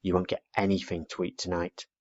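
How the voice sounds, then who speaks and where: A man's voice: deep voice, monotone, fairly quick, darkish tone. A man doing a patient mother owl. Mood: firm. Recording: dull lo-fi recording.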